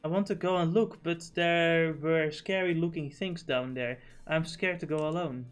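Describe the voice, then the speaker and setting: A man reading a frightened young girl's game lines aloud in a soft, timid voice. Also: fairly high pitch, fairly even intonation, normal speed, clear, resonant tone, soft background music, close to an everyday voice. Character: frightened young village girl.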